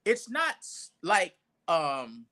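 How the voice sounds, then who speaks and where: A man gives a loose, conversational sermon. His voice is bright and a little high, and his pitch swings widely as he builds emphasis. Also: wildly swooping pitch, drawn-out words. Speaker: preacher. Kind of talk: informal sermon teaching. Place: church.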